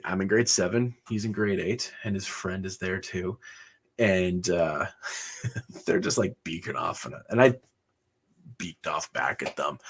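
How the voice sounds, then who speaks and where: A man's voice: low-pitched, fairly bright tone, breathy edge. A man on a livestream, telling his life story casually, chuckling often and rambling with fillers. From Canada. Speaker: livestream host.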